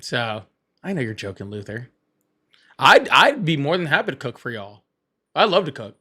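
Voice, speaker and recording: A man's voice: mid-range voice, big pitch swings, normal speed, pushed and bright, slightly rough. A man hosting a casual livestream, rambling, repeating himself and laughing often. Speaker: livestream host.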